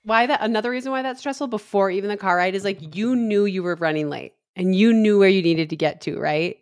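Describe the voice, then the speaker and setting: A woman's voice: mid-range voice, dry recording. A woman with a mid-range voice chats casually with her co-host, laughing along and jumping in with sympathy. She talks loosely, with plenty of "like." The recording is dry and close. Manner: reactive, laughs along, quick to empathize. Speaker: podcast co-host. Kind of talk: casual chat.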